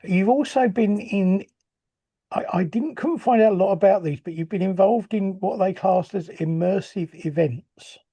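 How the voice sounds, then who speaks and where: A man with a husky voice pitched a little high hosts a podcast interview. He asks his questions hesitantly, stopping and restarting as he goes. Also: moderate pace, warm tone. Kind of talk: casual interview.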